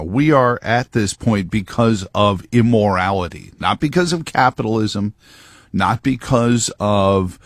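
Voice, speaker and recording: A man's voice: mid-range voice, no echo. A man hosting a talk show, giving a rambling, emphatic monologue into a close mic. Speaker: radio talk host. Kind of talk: opinionated monologue.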